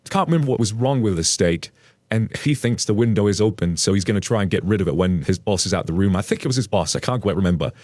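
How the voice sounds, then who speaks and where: A man's voice: on the low side, fast talker, dry recording. Dry-voiced man reading a story aloud. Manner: animated storytelling with playful asides. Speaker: story narrator. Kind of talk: reading a story aloud, then casual commentary.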